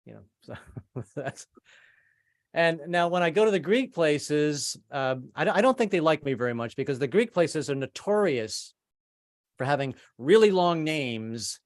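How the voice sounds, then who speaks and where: A man's voice: fairly high pitch, sing-song, a little slow, dry recording, studio quality. A man doing a rambling stand-up set over a video call, stammering and repeating himself between jokes. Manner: rambling, stammering, trades in put-on voices. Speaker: stand-up comedian.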